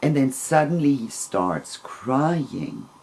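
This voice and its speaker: A man telling a long personal story in a casual, rambling, gentle way, with soft laughs between phrases. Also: mid-range voice, very animated, slow, creaky, slight background noise.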